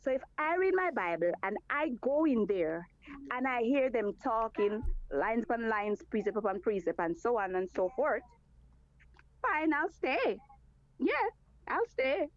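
A woman's voice: on the high side, very animated, unhurried, no echo, dull audio. Fervent, stammering woman caller. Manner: fervent, repeats words when starting. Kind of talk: call-in faith chat.

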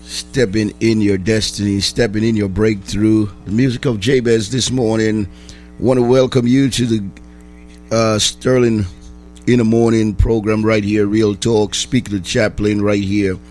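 A man with a fairly low voice hosts a morning radio show as a chaplain. He speaks with a preacher's exhorting, repetitive cadence, and his voice sounds rough, as if he has just woken up. Faint music plays behind him. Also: little pitch movement, a little slow, darkish tone.

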